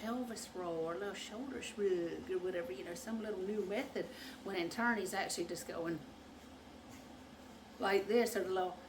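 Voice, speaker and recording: A woman hosting her own channel, chatting casually and acting out quotes loudly as she tells a comic story, often laughing. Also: medium pitch, moderate pace, background noise. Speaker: channel host. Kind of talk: casual chat.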